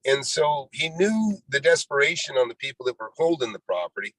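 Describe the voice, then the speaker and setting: His medium-pitched voice is sing-song, fairly quick and fairly bright, captured in a rough recording with no room sound. The guest, a real estate investor in his sixties, tells his life story loosely, full of "you know", and voices what others said.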